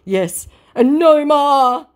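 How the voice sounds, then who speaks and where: A woman voicing a grovelling male scammer who whines and begs in a high, drawn-out, mocking tone. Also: animated, exaggerated voice. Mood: begging. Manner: whiny, begging, drawn-out.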